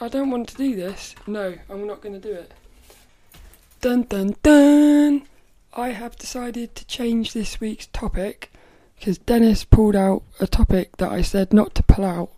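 A woman's voice: mid-range voice, normal speed, hardly any pauses, mellow. A woman hosting her own podcast in casual solo chat, rambling and stopping to restart her sentences. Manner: rambling, stop-start, self-correcting. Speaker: podcast host.

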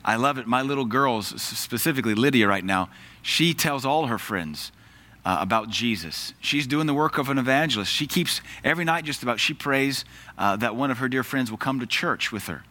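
A man's voice: medium pitch, animated, fairly quick, bright, forceful tone. A man preaching a sermon in an earnest, emphatic way, quoting scripture.

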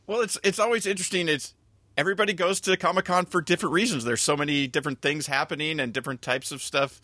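A man's voice: fairly high pitch, steady tone, fast, sharp tone, no room sound. A man co-hosting a podcast in casual chat, rambling and correcting himself as he goes. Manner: rambling, self-correcting, chuckles often. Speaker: podcast co-host.

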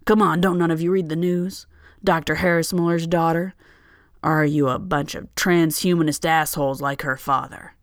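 Loud ranting drunk man on a plane, gravelly and accusing , put on by the reader. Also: medium pitch, flat delivery, a little slow, long pauses, dry recording, clean studio sound. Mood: angry. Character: angry drunk male airline passenger.

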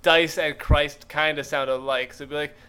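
A man's voice: on the high side, fairly even intonation, moderate pace, pushed and bright, clear, resonant tone. A man co-hosting a comedy podcast, rambling through an improvised story with lots of fillers and quoted character bits. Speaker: podcast co-host.

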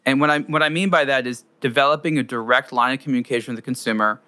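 A man hosting an interview, setting up his question in a measured, articulate way. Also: medium pitch, steady tone, sharp tone, no echo. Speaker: host, interviewer. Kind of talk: conversational interview.

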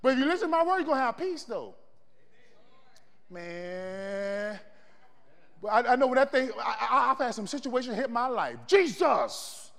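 A man with a very high, gravelly voice preaches a sermon, calling out to the congregation and asking them for answers. His animated delivery moves at normal speed with long pauses, swinging from shouting to hushed, while a long reverb trails every word.

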